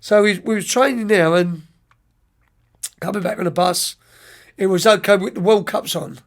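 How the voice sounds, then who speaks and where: High-voiced man telling rambling stories. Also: normal speed. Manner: lively, rambling, frequent restarts and repeated words. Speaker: youth soccer coach, podcast guest. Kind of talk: anecdotal storytelling in an interview.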